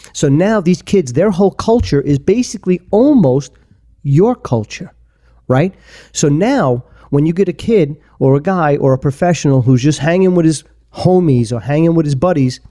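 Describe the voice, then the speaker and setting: A man's voice: a little high, warm tone. A man co-hosting a podcast, making his point in a rambling, emphatic way full of restarts and repeats. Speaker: podcast co-host. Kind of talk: casual opinionated chat.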